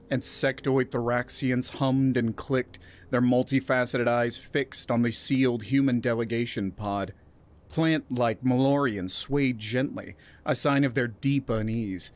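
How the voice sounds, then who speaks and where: A man narrating a scripted science fiction story in a steady, even reading voice. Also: mid-range voice.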